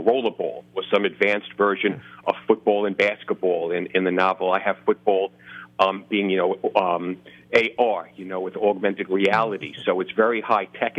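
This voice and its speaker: Bronx-accented man on a phone line. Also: deep voice. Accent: New York. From New York, the Bronx. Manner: chatty, self-deprecating, frequent restarts. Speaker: author guest. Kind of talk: casual interview talk.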